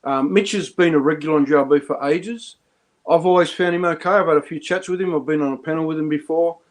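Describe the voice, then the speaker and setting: A man's voice: on the high side, quick pace. A man chatting casually on a live stream, rambling with lots of restarts and chuckles. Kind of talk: casual chat.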